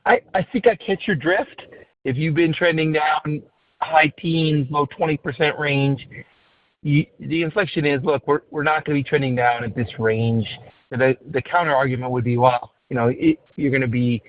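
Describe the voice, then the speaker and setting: A man's voice: fairly high pitch, normal speed, no room sound. A man, a financial analyst, asking polite and carefully worded questions on an earnings call. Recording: tinny phone line.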